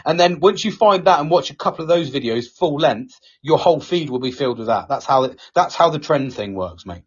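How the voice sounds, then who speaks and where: A man's voice: on the high side, expressive, a little fast, husky, muffled recording. A man with a British accent, co-hosting a casual podcast, sweary and laughing often as he tells stories. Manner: sweary, laughs a lot, storytelling. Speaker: podcast co-host. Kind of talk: casual banter.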